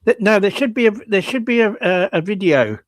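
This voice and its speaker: A man in his seventies, a guest chatting casually on a video call, halting and repeating words, laughing easily. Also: high voice, lively intonation, no room sound. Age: 70s. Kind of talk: casual chat on a live video show.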